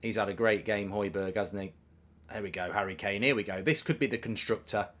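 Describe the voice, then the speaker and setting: A man's voice: on the low side, brisk, fairly bright tone. A middle-aged man hosting a live football watchalong, chatting casually and reading out viewer messages. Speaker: host.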